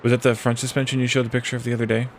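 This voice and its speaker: A medium-pitched male voice with a level tone comes through a slight hiss or hum. He's casually streaming a strategy game, thinking aloud with hesitation, pausing and restarting, and reading the screen's event text.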